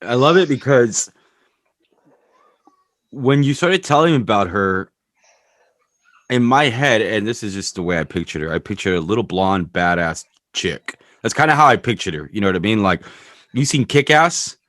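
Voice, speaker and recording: A man hosts a podcast in a loose, rambling conversation, open about himself and quick to swear. His voice sits low and sounds dry and close, with no room around it. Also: lively intonation, a bit bright, no room sound. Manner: candid, rambling, swears freely. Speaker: podcast host.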